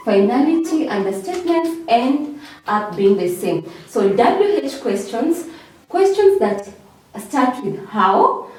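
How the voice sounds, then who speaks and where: Slow, lively-voiced woman teaching in an echoey room. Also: on the high side. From Kenya. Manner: slow, repeats key words with drawn-out emphasis. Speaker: English teacher. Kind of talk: revision lesson. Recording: echoey room, far from mic.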